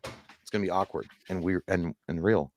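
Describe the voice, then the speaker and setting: A man's voice: low voice, moderate pace, a little mellow. A man co-hosting a livestream, rambling casually about movies, swearing and laughing often. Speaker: co-host.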